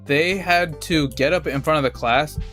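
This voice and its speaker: A man's voice: on the high side, normal speed, fairly bright tone, soft background music. Laid-back streamer man, swearing freely. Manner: profane, rambling, laid-back. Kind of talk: casual storytelling while gaming.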